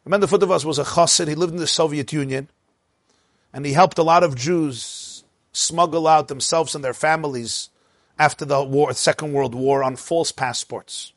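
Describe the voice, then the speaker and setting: A man's voice: on the high side, normal speed, dry recording. Man telling a story, dry close sound. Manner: animated storyteller, sprinkles Hebrew and Yiddish words. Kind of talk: storytelling talk.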